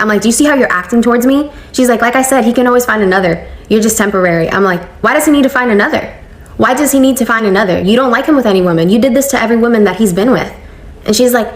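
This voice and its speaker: A young woman recounting a family conflict in a casual storytime vlog, animated and slangy, acting out the quoted lines. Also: mid-range voice.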